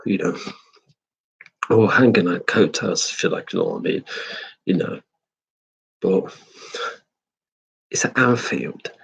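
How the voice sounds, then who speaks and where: English man, deep raspy voice, opinionated fan doing a casual match review. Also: a bit bright, low-quality recording. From England. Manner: rambling, opinionated, swears freely.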